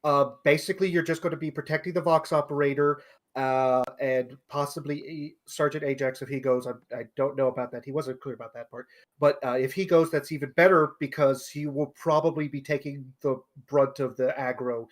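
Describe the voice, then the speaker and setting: A man's voice: mid-range voice, steady tone, fairly quick. A man playing a tabletop game who thinks aloud and hesitates, laying out his character's orders. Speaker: player.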